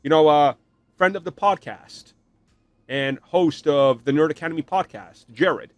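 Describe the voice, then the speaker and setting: A man hosting a podcast, giving an animated, opinionated rant and mocking other fans in put-on voices. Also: on the high side, moderate pace. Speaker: podcast host. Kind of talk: opinionated solo commentary.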